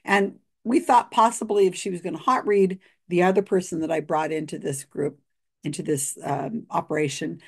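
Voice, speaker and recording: Woman, lowish voice, tired, chatty commentary, laughs between fillers. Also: fairly even intonation, moderate pace, creaky, husky. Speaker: video host reviewing a psychic reading. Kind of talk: casual spoken commentary.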